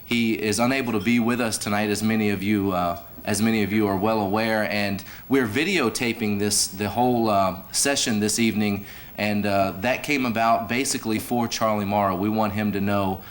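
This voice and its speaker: A man's voice: on the low side, normal speed, a little hiss or hum. Man emceeing a banquet with folksy humor. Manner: folksy joke-telling, animated. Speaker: host and emcee. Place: banquet hall.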